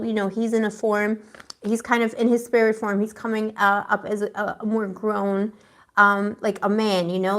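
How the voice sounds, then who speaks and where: A woman with a somewhat high voice gives a live tarot reading to her viewers. She talks in a chatty, slangy, emotional way. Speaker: tarot reader.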